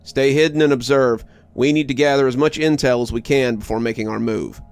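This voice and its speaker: A man's voice: medium pitch, fairly even intonation, a little fast, creaky, clear, resonant tone, soft background music, lightly acted. A man voicing a grim, commanding male army captain who gives terse orders.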